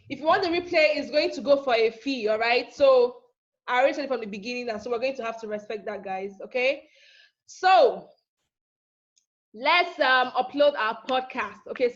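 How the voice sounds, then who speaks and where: Chatty woman teaching online, lo-fi. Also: high voice. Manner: chatty, teasing, repeats herself with "okay?". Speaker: online class instructor. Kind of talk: live online teaching session. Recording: dull lo-fi.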